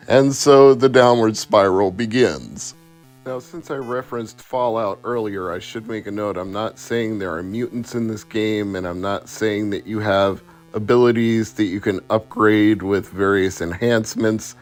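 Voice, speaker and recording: A man's voice: on the low side, fairly even intonation, measured pace, faint music behind. A man reviewing homebrew video games, who retells his playthrough in a sardonic, chatty way. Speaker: game reviewer. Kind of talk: casual video game review.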